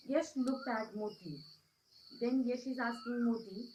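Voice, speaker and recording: A woman's voice: fairly high pitch, unhurried, highs cut off, slight background noise. A woman teacher with an Indian accent reading a story in an English lesson, often repeating herself and asking if the class follows. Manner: repetitive, checks understanding with questions. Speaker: schoolteacher.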